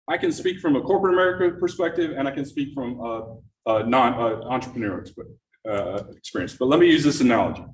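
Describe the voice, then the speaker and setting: His voice a little high, a middle-aged man runs an interactive productivity workshop for a live audience in a meeting room, regularly questioning those present. Sound comes through a distant mic in an echoey room, with faint noise.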